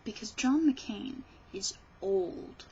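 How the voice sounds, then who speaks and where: A woman's voice: medium pitch, lively intonation, slow pace, dark tone, highs cut off, a little hiss or hum. A woman vlogger ranting about politics in a rambling, sarcastic way, often restarting her sentences. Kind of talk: casual political rant.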